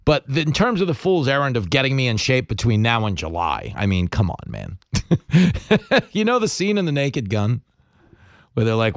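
A man hosting a talk radio show, his voice dry and close with no room sound around it. He jokes about himself and tells stories in a loose, chatty way, full of quick asides. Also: mid-range voice, huge pitch swings, dry recording. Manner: joking, self-mocking, quick asides. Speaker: radio host. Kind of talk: casual chat and storytelling.

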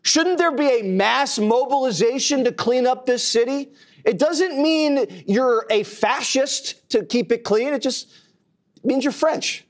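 A man arguing his point in a panel debate, stretching words out for emphasis. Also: very high-pitched. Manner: emphatic, drawn-out for effect. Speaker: panel guest. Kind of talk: opinionated debate.

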